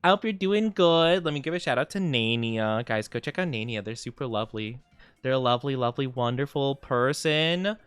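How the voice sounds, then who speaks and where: A young man chatting casually on a live stream, rambling and self-deprecating, often jumping into high squeals. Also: brisk, fairly bright tone, smooth, no echo, soft background music.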